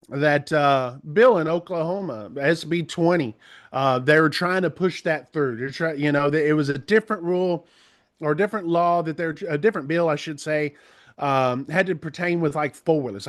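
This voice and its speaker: A man as an interview guest, telling stories in an animated, rambling way. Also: fairly high pitch. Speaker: interview guest, trucking commentator. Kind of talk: conversational interview.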